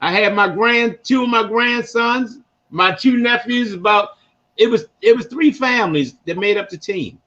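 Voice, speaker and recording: Older Baltimore man, high voice. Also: normal speed. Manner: rambling, animated storytelling with slang. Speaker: podcast host. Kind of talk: casual sports talk. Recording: dull lo-fi recording.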